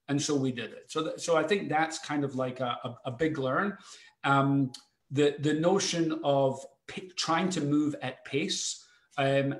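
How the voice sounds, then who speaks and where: A man's voice: a little high, echoey room. A man with a Scottish accent, speaking as a panelist in a panel discussion, often repeating words as he builds his point. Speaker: foundation executive, panelist.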